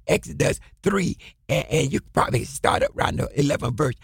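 A man's voice: on the high side, wildly swooping pitch, fairly quick, creaky, breathy edge, no echo, studio quality. A man preaching a fervent sermon in a chanting style, repeating short calls to his listeners.

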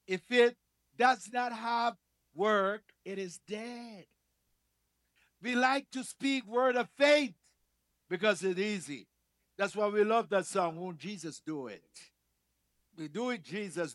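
High-voiced man preaching a sermon. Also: no room sound, clean studio sound. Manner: emphatic, repeats key phrases, swings between loud and soft. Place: church.

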